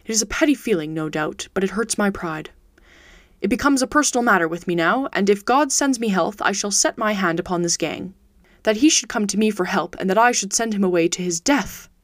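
A woman reading the part of Sherlock Holmes, a keen-minded Victorian detective, in a measured, precise voice. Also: medium pitch, expressive, no room sound, clean studio sound, lightly acted. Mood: agitated.

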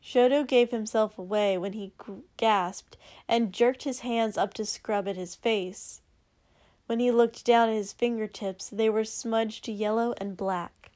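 A woman narrating a story in a steady, unhurried reading. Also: fairly high pitch, no echo. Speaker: audiobook narrator. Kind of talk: story narration read aloud.

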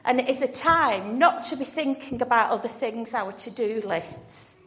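A woman's voice: fairly high pitch, expressive, moderate pace, fairly bright tone. A woman leading an all-age church talk, encouraging children and calling them by name. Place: church hall. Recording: reverberant church hall, faint music.

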